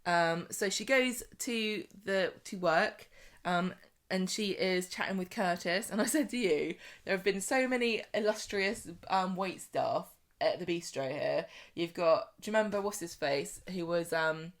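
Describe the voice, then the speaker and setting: A woman's voice: lowish voice, a little slow. A woman co-hosting a podcast, recapping soap episodes in casual chat and laughing often. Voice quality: laughs often, animated storytelling. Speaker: podcast co-host.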